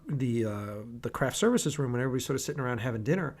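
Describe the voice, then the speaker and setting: Husky-voiced man telling laid-back stories. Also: mid-range voice. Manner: relaxed, profane, halting storytelling. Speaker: director, podcast host. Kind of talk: casual podcast chat.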